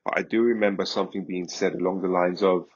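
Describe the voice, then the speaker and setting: A man, a podcast guest, recounting a story in a vivid, animated way. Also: low-pitched, fast talker, breathy edge, dull audio. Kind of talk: casual storytelling.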